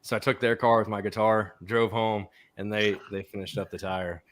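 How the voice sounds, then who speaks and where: A man arriving as a musician guest on a talk show, out of breath and telling his story in an animated way. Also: lowish voice, moderate pace, no room sound.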